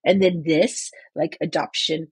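A woman's voice: deep voice, steady tone, measured pace, a little mellow, slightly rough, dry recording. A woman in her forties giving an emotional, rambling faith testimony as a guest in an interview, congested from crying. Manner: emotional, rambling with many restarts and fillers.

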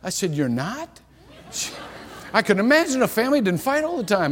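A middle-aged man preaching a sermon, telling stories with lively acted-out dialogue. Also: high voice, a little fast. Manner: animated storytelling, acts out quoted dialogue. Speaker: pastor. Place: church sanctuary. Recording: long hall reverb.

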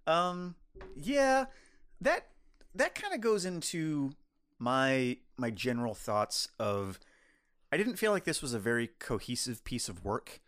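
Brief: young man, mid pitch, very lively intonation, relaxed podcast co-host. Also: a little slow, clean tone. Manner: lively, easily amused, animated reactions. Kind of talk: casual chat.

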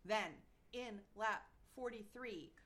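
A woman's voice: mid-range voice, takes it slowly, pushed and bright, slight background noise. A woman co-hosting a podcast, recapping events in casual chat with fillers and playful mock quotes. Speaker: podcast co-host.

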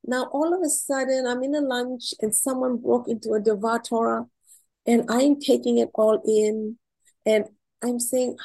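A woman's voice: fairly high pitch, fairly even intonation, moderate pace, vocal fry, dark tone, low-quality recording. Effusive middle-aged woman telling stories. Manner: emotional, effusive, repeats words when moved. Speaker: interviewee. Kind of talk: heartfelt personal storytelling.

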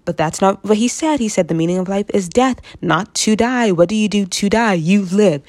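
A woman's voice: mid-range voice, normal speed, hardly any pauses, a little mellow. A woman from the United States talking casually to camera, rambling through her thoughts with frequent laughs and asides. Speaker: vlogger.

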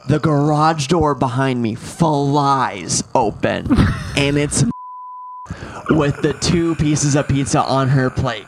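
A man in his twenties, a podcast co-host, telling a story in a casual, animated way, swearing freely and acting out what people said. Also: medium pitch, normal speed, creaky, background noise. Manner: animated, swearing, acts out quotes.

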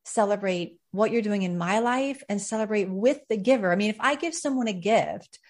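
A woman's voice: mid-range voice, normal speed. A woman hosting a faith podcast, talking reflectively with frequent fillers. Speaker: podcast host.

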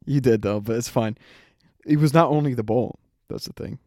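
A man's voice: mid-range voice, normal speed, a little mellow, no room sound, studio quality. A young man co-hosting a podcast who tells a story in a casual, rambling way. He acts out the quotes and laughs often. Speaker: podcast co-host.

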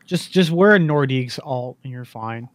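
A man's voice: medium pitch, animated, normal speed, dry recording. A man co-hosting a casual podcast, making short offhand remarks. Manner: brief offhand interjections. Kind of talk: casual chat.

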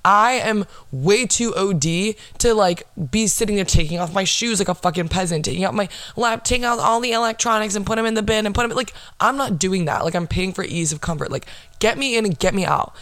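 A woman's voice: mid-range voice, fast talker, hardly any pauses, no room sound. Profane, exasperated woman ranting on a podcast. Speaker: podcast host. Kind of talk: solo podcast rant.

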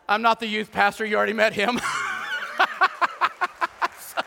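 Pastor guy preaching, high bright voice, jokey asides, echoey church hall. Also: creaky, very noisy. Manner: animated, joking asides to the congregation. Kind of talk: sermon. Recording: long church hall reverb.

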